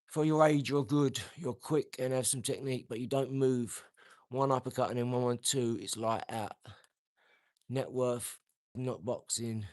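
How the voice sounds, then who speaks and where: A man's voice: medium pitch, fairly even intonation, unhurried, darkish tone. A man, talking brashly and boastfully on his own live stream, answering comments. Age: 40s. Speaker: livestream host.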